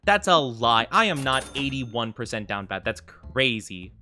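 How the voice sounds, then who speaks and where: Brief: young male streamer, bright, bouncy, rambling chat. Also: medium pitch, sing-song, normal speed, faint music behind. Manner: chatty, rambling, giggly, thanks viewers often. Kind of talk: casual live-stream chat while gaming.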